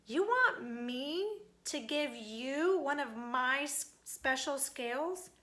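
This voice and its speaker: A vain storybook fish who thinks he is too beautiful for anyone, talking in a high, bright, haughty tone, voiced by a woman reading aloud. He draws out his words slowly and stays dismissive and proud. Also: lively intonation, full character voice. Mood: indignant.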